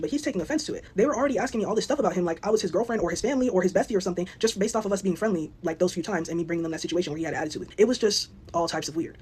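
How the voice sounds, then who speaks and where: A young woman telling a storytime vlog, animated and indignant. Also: lowish voice, rapid-fire, hardly any pauses, husky. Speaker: vlogger. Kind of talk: storytime monologue.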